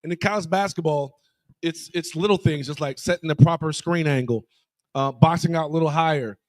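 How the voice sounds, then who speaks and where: A man's voice: on the high side, a little fast, no echo. A man, a former college player and guest broadcaster, telling stories casually in a bar and acting out the voices of the people in them. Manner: animated, acts out quoted voices. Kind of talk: casual storytelling. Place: bar, live show.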